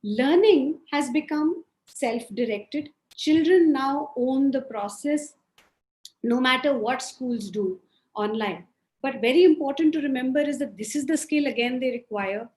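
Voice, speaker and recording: A woman from India speaking firmly as a panelist in an online discussion, often pausing with "uh". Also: high-pitched, darkish tone. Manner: firm, with frequent hesitations. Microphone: video call. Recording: echoey room.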